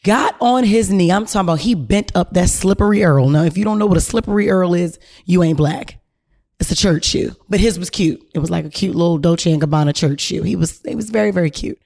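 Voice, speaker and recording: Lively, profane woman podcaster telling a story. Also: on the low side, brisk, gravelly. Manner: animated, slangy and profane, addressing listeners directly. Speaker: podcast host. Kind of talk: casual storytelling.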